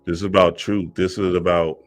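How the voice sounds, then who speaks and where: Deep-voiced man, emphatic street-talk monologue. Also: little pitch movement, fairly quick, soft background music. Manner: emphatic, repeats "you feel me", acts out quotes in higher voice. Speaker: spiritual content creator. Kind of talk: casual monologue commentary.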